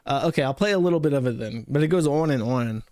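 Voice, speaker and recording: A man's voice: mid-range voice, lively intonation, fast talker, a little mellow, dry recording, clean studio sound. A man hosting an online commentary show, talking in a mocking, rambling way. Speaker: host. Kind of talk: casual commentary chat.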